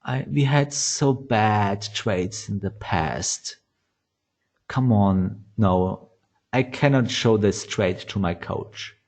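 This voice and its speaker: A man voicing Miss Shame, a timid, ashamed female inner voice, speaking softly and hesitantly. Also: lowish voice, takes it slowly, pitched below the performer's own voice. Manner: soft, hesitant.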